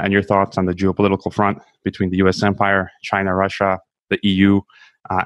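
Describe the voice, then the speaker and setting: Male podcast host, lowish voice, measured, dry close mic. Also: dry recording. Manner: measured, reads promos, uses fillers. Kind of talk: scripted intro then interview questions.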